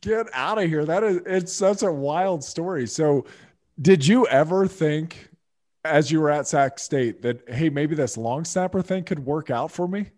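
A man's voice: on the high side, a little slow, a little mellow. A man hosting a podcast, reading a guest introduction and then chatting in an upbeat, friendly, conversational way. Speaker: podcast host. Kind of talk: podcast intro and casual interview.

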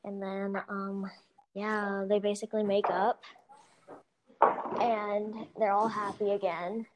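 A woman rambles casually through a movie's plot, peppering her retelling with "like" and "blah blah." Her mid-range voice stays level, she speaks slowly, and the recording is very noisy.

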